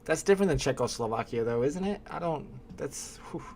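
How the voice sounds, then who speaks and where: A man's voice: a little high, fairly quick, slight background noise. Chatty man hosting a livestream. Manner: relaxed, chatty, talking to chat. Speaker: livestream host. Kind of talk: casual chat.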